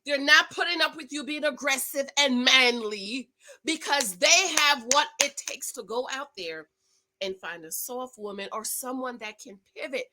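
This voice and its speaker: Middle-aged woman, bright high voice, chatty and emphatic recapping a show. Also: a little slow, a little hiss or hum, poor audio. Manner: animated, emphatic, preachy asides to viewers. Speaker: reality show recap host. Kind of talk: casual chat.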